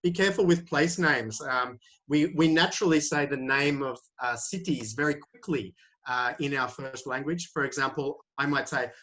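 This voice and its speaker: Hesitant teacher on a call. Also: male voice, mid-range voice, moderate pace, pushed and bright. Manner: hesitant, many fillers and restarts. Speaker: IELTS teacher. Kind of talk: answering questions in a webinar. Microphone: video call.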